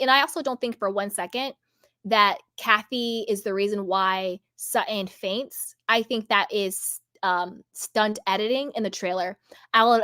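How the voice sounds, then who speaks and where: Emphatic woman host, higher voice. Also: a bit bright, no room sound, studio quality. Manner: emphatic, repetitive, rambling asides. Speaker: commentary channel host. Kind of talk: casual opinion commentary.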